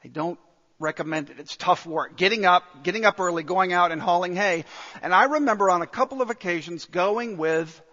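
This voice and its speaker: A man preaching a sermon as a pastor, emphatic, with repeated phrases and pauses. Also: high voice, bright, forceful tone, in a large hall, dull audio.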